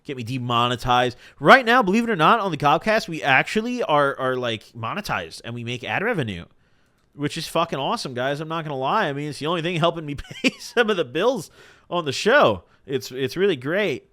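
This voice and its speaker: Profane, animated young man on a stream. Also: fairly high pitch, brisk, no room sound. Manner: profane, animated storytelling with slang. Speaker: podcast host. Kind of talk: casual live-stream chat.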